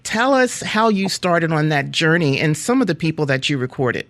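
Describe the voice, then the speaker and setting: A woman's voice: low-pitched, normal speed. A woman hosting a radio talk show, interviewing a guest with lots of laughter. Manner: giggly, animated storyteller.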